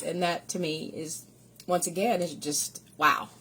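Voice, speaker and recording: A woman's voice: on the low side, steady tone, unhurried, pushed and bright, slight background noise. Chatty middle-aged woman teacher gushing. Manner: chatty, rambling, gushing with enthusiasm. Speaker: third-grade teacher. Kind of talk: casual vlog chat showing gifts.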